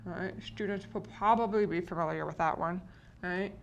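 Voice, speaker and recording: A woman's voice: lowish voice, a little fast, gravelly, lo-fi sound, a little hiss or hum. A woman explaining spelling patterns to teachers in a patient lesson, often checking in with the listeners. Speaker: teacher educator.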